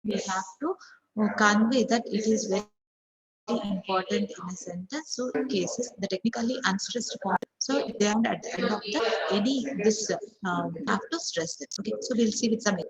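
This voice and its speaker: A woman with a mid-range voice teaches an online English class at a moderate pace, though the audio quality is poor. She explains things step by step, often saying "okay, so" and reading example sentences aloud repeatedly.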